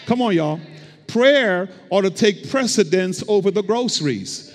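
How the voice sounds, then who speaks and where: A man's voice: high voice, animated, a little slow. A male pastor preaching a sermon, with rhythmic repetition and call-and-response to the congregation. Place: church sanctuary. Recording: long hall reverb.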